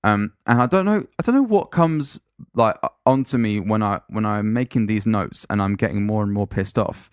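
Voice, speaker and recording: A man co-hosting a podcast in casual chat, animated, laughing often and swearing freely. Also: fairly low pitch, moderate pace, hardly any pauses, clear, resonant tone, no room sound, clean studio sound. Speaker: podcast co-host. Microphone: podcast mic.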